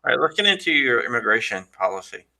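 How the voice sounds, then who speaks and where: Bright-voiced man hosting a casual interview. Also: mid-range voice, big pitch swings, fast, vocal fry. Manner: casual, joking and sarcastic. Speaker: show host and interviewer.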